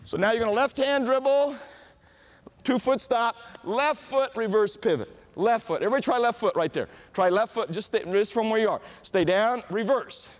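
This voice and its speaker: A middle-aged man coaching a youth basketball clinic in a gym, calling out short, brisk commands to the players. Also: high voice. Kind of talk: coaching drills on court.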